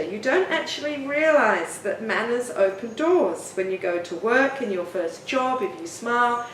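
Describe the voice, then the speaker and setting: A middle-aged woman, a parenting author and teacher, giving parenting tips in a gentle, encouraging way. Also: fairly high pitch, recorded from a distance, a little hiss or hum. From Australia. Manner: gentle, encouraging, expressive storytelling. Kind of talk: talking-head parenting tips. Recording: roomy room, mic set back, faint ambience.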